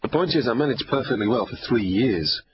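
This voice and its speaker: A man's voice: mid-range voice, animated, brisk, muffled recording, pitched above the performer's own voice, natural voice. A man voicing a wry, guarded young officer who answers curtly. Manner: curt, dry and understated.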